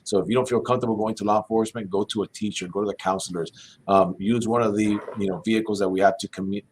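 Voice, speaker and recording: A middle-aged man, a school police chief, speaking earnestly and urging parents in a panel discussion. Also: on the low side.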